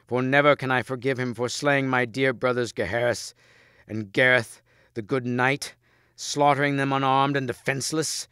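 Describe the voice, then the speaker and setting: A man's voice: medium pitch, fairly even intonation, normal speed, pushed and bright, clear, resonant tone, dry recording, studio quality, close to an everyday voice. A man doing a bitter, vengeful knight. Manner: vehement, formal old speech.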